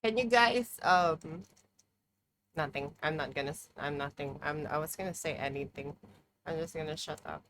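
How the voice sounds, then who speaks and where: A woman's voice: sits low, fairly even intonation, moderate pace, fairly bright tone. A young woman chatting casually on a live stream, playful and mock-dramatic, swearing freely, from a room at home with a heater running. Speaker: livestreamer.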